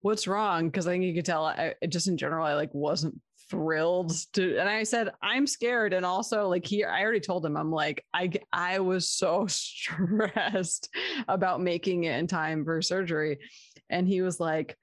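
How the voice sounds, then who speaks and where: Animated young woman, dry close sound. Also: fairly low pitch, normal speed, no room sound. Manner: animated, laughing, quotes others in her story. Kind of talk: casual storytelling chat.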